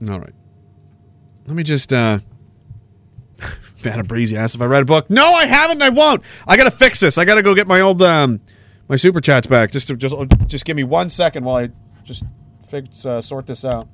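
A man hosting a livestream in a casual, rambling and profane way, quick to flare up and cursing between stretches of chatter. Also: mid-range voice, a bit bright. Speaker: livestream host.

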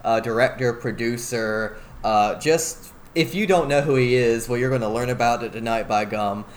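A man's voice: medium pitch, moderate pace, slight background noise. A man co-hosting a podcast, talking eagerly and rambling with many fillers and restarts. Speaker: podcast co-host. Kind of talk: casual podcast discussion.

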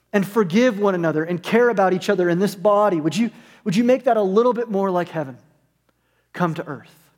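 A man's voice: high-pitched, darkish tone. A man preaching as a pastor in a sermon, conversational with humorous asides, in a church sanctuary. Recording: long hall reverb.

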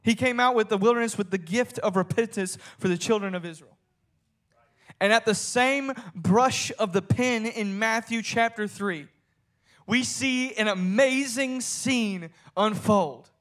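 A man with a notably high voice delivers a dramatic sermon. He reads scripture in old-fashioned wording and retells the scene with rising intensity, dropping low and then shouting at the peaks. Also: unhurried. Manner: dramatic, swings between soft storytelling and shouted climaxes; reads scripture aloud in King James wording. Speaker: preacher.

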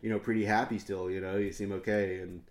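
A man's voice: fairly low pitch, flat delivery, fast talker. An Irish man, a comedian guest on a podcast, telling anecdotes in an easygoing way and swearing freely. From Ireland. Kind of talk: casual storytelling chat.

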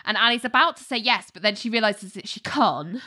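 A woman's voice: mid-range voice, lively intonation, fairly quick, bright, forceful tone, a little hiss or hum. A woman casually recapping a TV episode to a co-host, full of fillers and acted-out quotes. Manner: chatty retelling with acted quotes, many fillers. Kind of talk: casual chat.

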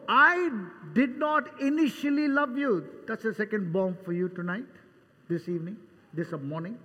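An older man preaching a sermon as pastor, dramatic, acting out Bible scenes with voices and swinging between loud and soft. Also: extremely high pitch, highs cut off. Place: church hall. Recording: long church reverb.

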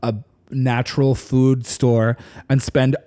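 A man with a warm, mellow voice tells a long story in loose, casual talk. He rambles and fills his sentences with "like.". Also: mid-range voice, slow. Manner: rambling, animated retelling with lots of "like".

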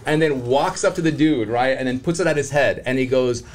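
A man's voice: mid-range voice, brisk. A man and criminologist guest, telling a story casually and animatedly, acting out voices and laughing often. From Southern California.

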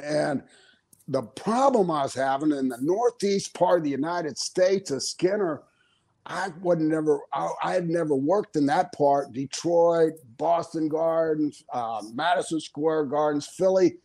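A man's voice: a little high, unhurried, vocal fry, a little mellow. An older man, a former pro wrestler, telling stories in a casual interview. He talks animatedly, laughs often and acts out the things people said.

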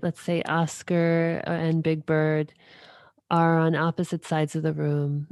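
A woman guest on a podcast, giving reflective spiritual talk in a slow, measured, soothing manner. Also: on the low side, mellow, dry recording, clean studio sound.

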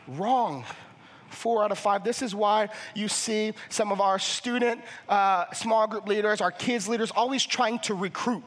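A young man preaching a sermon as a family ministries pastor, passionate and fervent, often repeating and restarting words as he builds to near shouting. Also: high voice. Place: church auditorium. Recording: church hall reverb.

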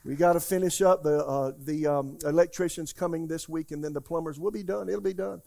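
A man preaching an Easter Sunday sermon as pastor, emphatic and calling out to the congregation, swinging from loud declarations to quiet asides. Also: on the high side, steady tone, brisk, gravelly. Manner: emphatic preaching, asks the congregation "How many hear me?".

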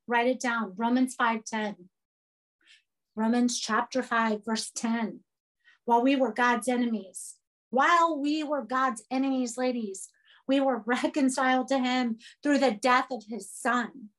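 A woman's voice: on the high side, fairly even intonation, measured pace, a bit bright. A woman preaching a sermon to a women's group, emphatic and repetitive.

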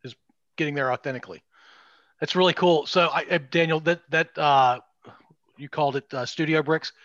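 A friendly man hosts a casual podcast interview, his voice a little high. The sound is dull and muffled, close and dry. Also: moderate pace, fairly bright tone, no room sound. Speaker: podcast host and producer.

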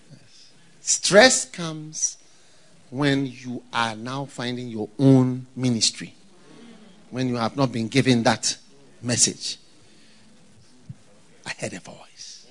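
Preaching a sermon to pastors, a man with a Ghanaian accent breaks into loud, high-pitched shouts and laughter.

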